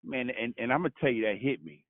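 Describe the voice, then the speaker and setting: A man's voice: medium pitch, fast talker, no room sound. A man from Brooklyn, calling in to share a testimony, full of stammered restarts and "you know what I'm saying". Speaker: caller. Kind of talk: casual testimony on a call. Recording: dry tinny phone line.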